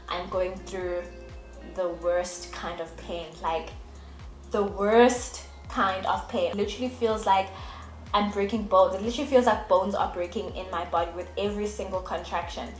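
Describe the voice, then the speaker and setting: A woman's voice: mid-range voice, a bit bright. A young woman vlogger from South Africa, emotionally retelling a hard experience with emphatic repetition. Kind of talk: casual storytelling to camera. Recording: echoey room, faint music.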